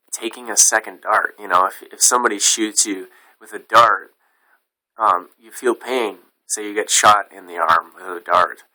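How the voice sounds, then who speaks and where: A man's voice: on the low side, bright, forceful tone, poor audio. A man teaching as a Buddhist meditation teacher in an informal dharma talk, plain-spoken and frank, with some casual swearing.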